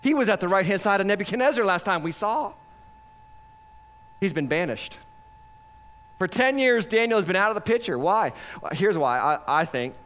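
A man preaching a sermon as pastor, animated, swinging between loud points and hushed asides, acting out quoted voices for effect. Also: high-pitched.

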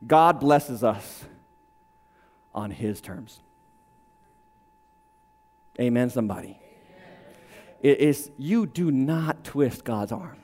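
A man preaching a sermon with drama, acting out quick voices and swinging between shouting and hushed lines. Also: mid-range voice. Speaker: pastor.

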